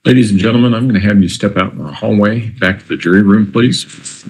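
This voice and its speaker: A man's voice: fairly low pitch, fairly quick, husky, poor audio. A man presiding as judge, giving brief, directive instructions in a courtroom.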